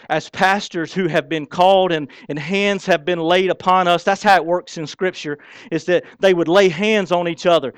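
A man's voice: fairly high pitch, clear, resonant tone, no echo. A man who is a pastor preaching a sermon in a folksy, emphatic way with casual slang.

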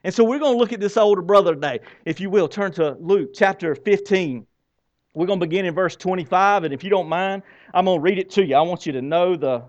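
A high-voiced man preaching a sermon, lively and questioning, often repeating words as he builds a point. He reads scripture aloud with dramatic pauses. The recording sounds dull and lo-fi. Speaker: pastor.

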